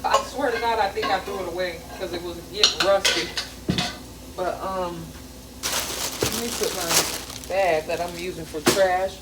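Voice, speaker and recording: A middle-aged Southern American home cook vlogs while cooking, chatty, blunt and profane, using folksy grammar and wandering into family stories. Her low-ish, steady voice comes at normal speed with frequent pauses, echoing around a bare kitchen far from the mic. Loud sizzling from the frying pan makes the recording very noisy.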